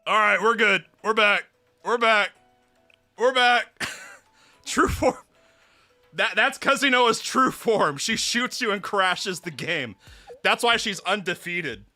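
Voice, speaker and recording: A man streaming live, reacting to a game, excitable and breathless from laughing hard, swearing often. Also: high voice, takes it slowly, long pauses. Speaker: VTuber streamer. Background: faint background music.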